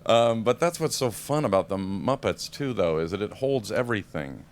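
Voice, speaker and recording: A man's voice: on the low side, lively intonation, moderate pace, slight background noise. A man in his forties, a film actor answering audience questions with a self-deprecating, laughing manner. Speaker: actor guest. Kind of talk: press event Q&A.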